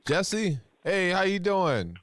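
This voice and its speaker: A man hosting a call-in podcast, talking in a relaxed, rambling, slangy way. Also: high-pitched, slow pace, no room sound, studio quality. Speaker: podcast host. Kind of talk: casual call-in chat.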